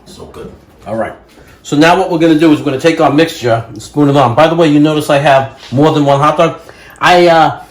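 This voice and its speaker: A man chatting casually in a rambling, self-amused way while cooking at home. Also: on the high side. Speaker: home cook vlogger. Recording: echoey room.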